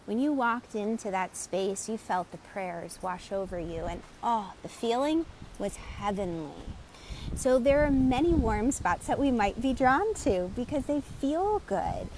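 Animated woman coach with a fairly high voice. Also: measured pace, slight background noise. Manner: animated, storytelling, greets viewers by name. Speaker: energy coach hosting a live stream. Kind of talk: live-stream teaching talk.

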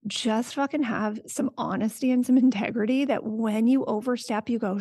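A woman's voice: fairly high pitch, steady tone, normal speed, hardly any pauses, dark tone, husky, no room sound, studio quality. Frank, sweary woman guest. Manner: frank, profane, acts out quoted voices. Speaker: podcast guest. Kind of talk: candid casual chat.

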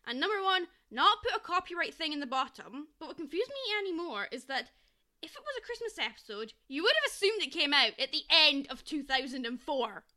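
A young woman with a high, bright voice co-hosts a podcast, swearing casually and acting out mock quotes. Her pitch leaps around a lot as she talks. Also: big pitch swings, a little fast. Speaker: podcast co-host. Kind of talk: casual chat.

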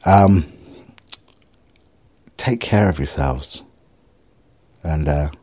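A man's voice: rumbling low, extremely slow, mellow. A middle-aged man, rambling in a casual solo video diary, self-mocking and sweary. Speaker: vlogger.

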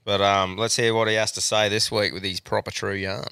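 A man's voice: fairly low pitch, flat delivery, brisk, vocal fry, noisy background. A man hosting a casual podcast, laid-back, laughing often and swearing freely. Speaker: podcast host. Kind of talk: casual chat.

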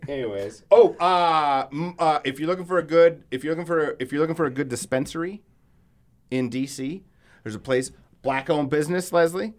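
A man's voice: fairly high pitch, moderate pace. A man co-hosting a podcast, telling loose, profane stories with lots of laughter in casual chat. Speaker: podcast co-host.

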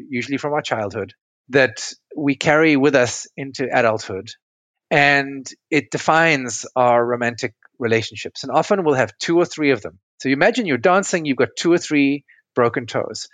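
A man's voice: mid-range voice, a bit bright, no room sound. A man speaking as a relationship coach and podcast guest, patiently explaining ideas through metaphors and checking whether they make sense. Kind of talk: conversational interview explanation.

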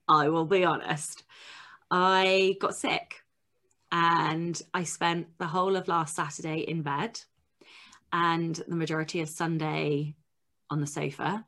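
A tired woman with a notably low voice chats casually as a podcast co-host. She talks in a loose, self-deprecating way. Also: steady tone, takes it slowly, sharp tone. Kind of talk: casual chat.

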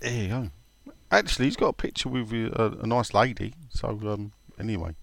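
On his laid-back podcast, a chatty man reads out listener questions and spins funny stories, laughing frequently. His voice sits on the low side, brisk, creaky and a bit bright, with no room sound.

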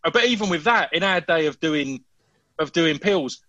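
A man telling stories in a casual chat, animated, with frequent restarts. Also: fairly high pitch, normal speed, no echo, lo-fi sound.

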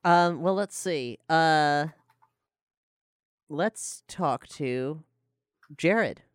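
Smooth, rambling game master host. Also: medium pitch, drawn-out words, no room sound, studio quality. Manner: rambling, self-interrupting, swears freely. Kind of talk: casual podcast chat.

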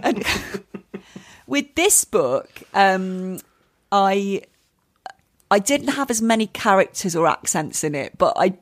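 A woman's voice: medium pitch, sing-song, slow pace, long pauses. Chatty, self-deprecating Englishwoman. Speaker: guest, comedian and author. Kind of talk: casual podcast chat.

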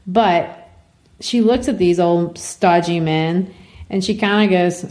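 Woman teacher, class literature lesson, lively casual retelling. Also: medium pitch, slow pace.

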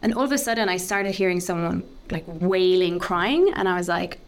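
A woman, a podcast guest talking candidly and openly about a deeply personal experience, with lots of "like" fillers. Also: lively intonation, moderate pace. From Ireland. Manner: open, heartfelt, full of "like" fillers.

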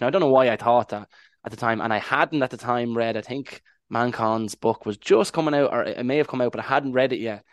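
An Irish man appears as a podcast guest and language advocate, telling his story in a casual, reflective way. His mid-range voice is recorded dry and studio-clean, and he rambles a bit, restarting sentences now and then.

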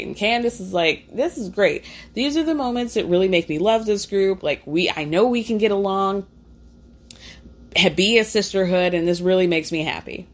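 Woman for a chatty recap, lively, voices each quote, salty language. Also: medium pitch. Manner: animated, acts out quotes, swears freely. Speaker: reality TV recapper. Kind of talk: casual storytelling recap.

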